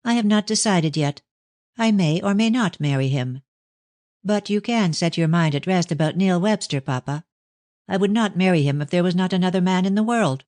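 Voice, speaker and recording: A man's voice: high voice, moderate pace, a little mellow, dry recording, voice pushed up, natural voice. A man voicing an anxious young Victorian daughter who pleads earnestly with her father in an audiobook. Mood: wistful. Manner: pleading, raised and earnest delivery. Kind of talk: audiobook reading of a novel.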